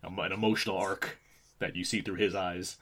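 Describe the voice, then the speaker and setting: A man's voice: low-pitched, level tone, brisk, a bit bright. A man co-hosting a casual movie commentary, laughing often, talking loosely and swearing. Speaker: podcast co-host.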